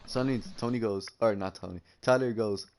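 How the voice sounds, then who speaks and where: A man's voice: on the low side, fairly even intonation, a little fast, a little mellow, slight background noise. A young man casually telling a story on a podcast over an online call, often adding "right?" and acting out what people said. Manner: rambling, says "right?" often, acts out quotes. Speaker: podcast co-host. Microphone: online call mic that cuts out.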